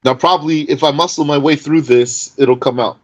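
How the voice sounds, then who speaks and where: A man teaching an informal Arabic grammar lesson. He speaks slowly and deliberately, reciting Arabic text and then explaining it in English. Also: fairly high pitch, fairly even intonation, poor audio.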